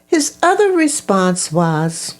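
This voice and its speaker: A woman reading a children's story aloud as the storyteller, in a slow, expressive storybook manner. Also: mid-range voice.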